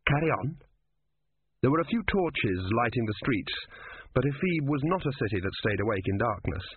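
Casting note: man reading fiction aloud, husky and measured, dry narrow-band recording. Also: medium pitch, animated, dry recording. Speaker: audiobook narrator. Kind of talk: scripted narration. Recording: dry, phone-like narrow sound.

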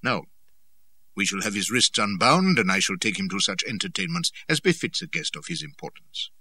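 Man doing a mild, smooth-talking stout chieftain. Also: fairly low pitch, big pitch swings, normal speed, pushed and bright, recorded from a distance, full character voice. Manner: mild, smooth, polite, cheerfully ironic. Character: stout, genial, quietly dangerous male chieftain.

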